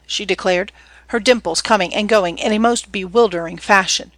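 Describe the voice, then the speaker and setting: A woman reading an audiobook in a measured, clear storytelling manner. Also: mid-range voice, fairly bright tone, dry recording, poor audio. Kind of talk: audiobook narration.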